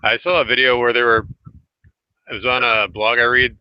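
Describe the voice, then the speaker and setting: A man hosting a casual online group chat, talking hesitantly with many filler pauses over a home computer mic. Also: medium pitch, little pitch movement, smooth, no echo. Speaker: host. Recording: dry, muffled lo-fi audio.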